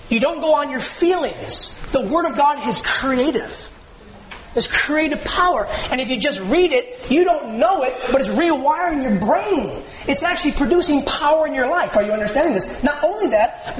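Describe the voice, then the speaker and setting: High-voiced man preaching in an echoey room. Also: a little hiss or hum. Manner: call-and-response preaching, asks the congregation questions. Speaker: pastor. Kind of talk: sermon.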